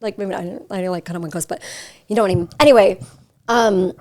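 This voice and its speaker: A woman's voice: mid-range voice, quick pace, darkish tone. A young woman hosting a podcast, talking in a chatty, giggly way full of fillers, recorded in a hotel suite. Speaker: podcast host. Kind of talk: casual chat.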